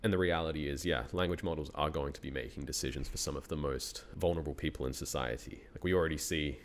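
Deep-voiced Australian man, reflective. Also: fairly even intonation, quick pace, a little hiss or hum. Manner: reflective, thinks aloud, laughs often. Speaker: guest, university researcher. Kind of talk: casual interview conversation.

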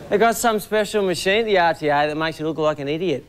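A man's voice: on the high side, fairly even intonation, moderate pace, pauses often, heavy background noise. A man with an Australian accent doing dry, self-deprecating stand-up and presenting a comedy special.

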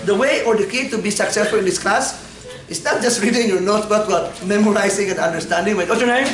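A man's voice: high voice, quick pace, fairly bright tone. A man lecturing on anatomy in a classroom, playfully quizzing his students and laughing often. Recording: echoey classroom from far off.

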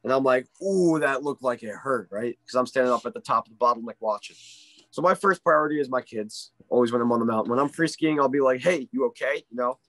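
A man in his middle pitch range tells a story as a ski instructor, animated and quick to check in with "right?". His voice sits close and dry, with no room sound around it. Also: no echo. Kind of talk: casual storytelling in an interview.

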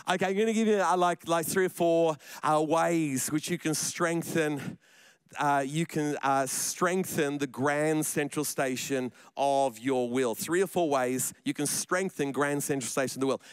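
A man's voice: on the high side, clear, resonant tone, no room sound. A man preaching a sermon in church, chatty and joking, often repeating his words. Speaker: pastor.

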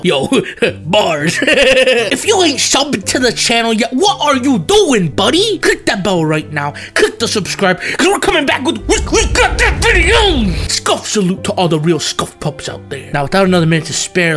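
A young man riffing through comedic reaction commentary, hyped and full of slang. His bright, sharp-edged voice swoops up and down with lots of life. Faint music plays quietly behind him. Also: sits high, huge pitch swings, normal speed. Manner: hyped and jokey, slangy, frequent laughing and shouted outbursts. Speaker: YouTuber.

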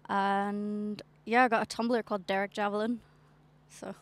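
A woman's voice: medium pitch, flat delivery, unhurried. A young woman with a Northern Irish accent, a singer chatting casually in an interview on an outdoor balcony, laughing often and trailing off. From Northern Ireland. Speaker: singer-songwriter guest.

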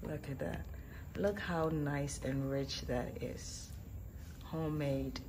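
Low-voiced Ghanaian woman vlogging outdoors. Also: steady tone, slow pace. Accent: Ghanaian English. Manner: chatty, teasing, invites viewers. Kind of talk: casual vlog chat to camera. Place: outdoor porch at home. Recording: loud background noise.

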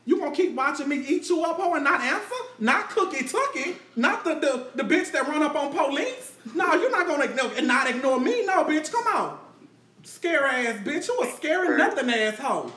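A woman hosting a live show, loudly trash-talking and laughing as she roasts people. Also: high voice, big pitch swings, moderate pace, a little hiss or hum. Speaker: host. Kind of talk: loud raunchy live-stream chat. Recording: echoey room.

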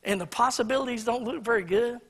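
A man preaching a sermon in a church, swinging between loud emphatic lines and quiet storytelling. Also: very high voice, quick pace, husky. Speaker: pastor. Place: church sanctuary.

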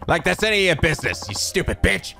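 A sneering young street thug, as a man puts him on for a video game, with a high, heavily gravelly sound. The tone is bright and sharp-edged, all rude contempt. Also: very animated, fast, soft background music, full character voice. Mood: abusive. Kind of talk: voicing game dialogue.

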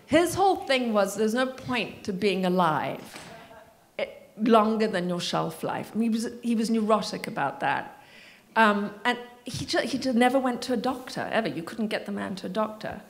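A woman author in a library community room, reading expressively from her memoir and answering audience questions with wry asides. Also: on the high side.

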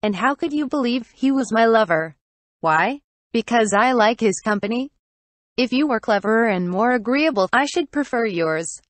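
A woman's voice: on the high side, expressive, moderate pace, dry recording, natural voice. A woman reading the lines of a proud, scornful countess in an audiobook, in a stern, cold and cutting way.

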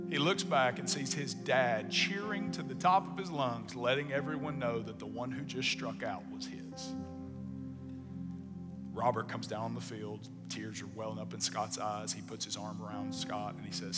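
A male pastor preaching in a church, telling a story and swinging between hushed passages and emphatic bursts. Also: mid-range voice, measured pace. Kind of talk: sermon. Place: church sanctuary. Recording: long church reverb, music behind. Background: soft music.

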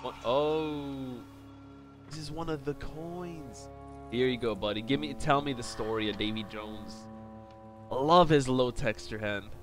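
A man's voice: medium pitch, a little slow. Playful male streamer narrating a game. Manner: playful, joking, talks to viewers. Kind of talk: live game commentary. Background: game music.

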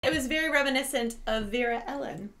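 A woman co-hosting a casual review chat, with lively, quick reactions. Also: sits high.

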